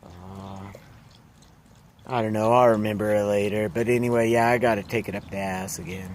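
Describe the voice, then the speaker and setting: A man's voice: on the low side, fairly even intonation, moderate pace. A man ranting in a casual vlog, blunt and profane, rambling through his complaints. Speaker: vlogger.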